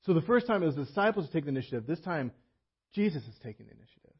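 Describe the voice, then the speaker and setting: A man's voice: fairly high pitch, very animated, very fast, husky. A male pastor giving a conversational sermon, often slipping into quoted voices of the people he describes. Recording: muffled lo-fi sermon audio.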